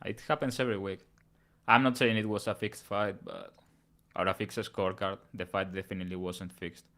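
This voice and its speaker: A man's voice: low-pitched, level tone, brisk, fairly bright tone. A man co-hosting a betting podcast, talking bluntly in casual chat and ranting with some swearing. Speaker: podcast co-host and bettor.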